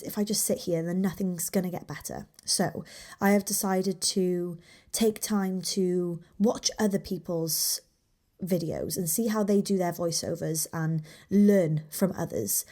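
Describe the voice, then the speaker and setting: A woman in her twenties hosting a solo podcast, talking openly and from the heart, with restarts and soft whispered asides. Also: lowish voice, a little slow. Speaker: podcast host, small business owner. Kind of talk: candid solo podcast talk.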